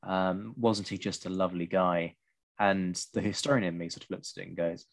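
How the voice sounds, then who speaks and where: A man with a very low, deep voice hosts a casual talk about a strategy game as he plays it. He speaks in a measured way with dry, wry asides, often pausing to weigh his words. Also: fairly even intonation, creaky. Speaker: podcast host. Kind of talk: casual discussion while playing.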